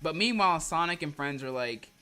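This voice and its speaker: A man's voice: fairly high pitch, lively intonation, brisk, pushed and bright, smooth, soft background music. A man livestreaming a comic reading, joking in heavy slang and laughing often. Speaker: streamer.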